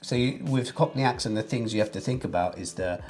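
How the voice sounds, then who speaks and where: A man's voice: on the low side, fairly quick, darkish tone, faint music behind. A British man, an English teacher co-hosting, explaining patiently in casual chat with many "yeah"s. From Britain. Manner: patient, says "yeah" often.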